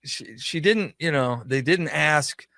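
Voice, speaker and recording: A man's voice: on the high side, takes it slowly, sharp tone, dry recording, clean studio sound. A man who is a guest on a radio talk show, telling a long personal story in a chatty way and acting out the dialogue. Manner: chatty anecdotal storytelling, acts out quoted dialogue. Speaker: guest, pop culture shop owner.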